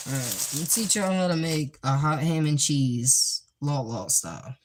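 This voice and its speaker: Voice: mid-range voice, expressive, normal speed, hardly any pauses. A host who chats in a goofy, rambling way during a casual cooking livestream in a home kitchen. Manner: goofy and rambling, with sound effects. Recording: noisy with clicks.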